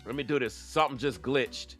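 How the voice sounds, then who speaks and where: A man's voice: medium pitch, brisk, a bit bright, faint music behind. A man hosting a livestream commentary, preachy and emphatic, stretching words out in a sing-song way. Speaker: commentary channel host.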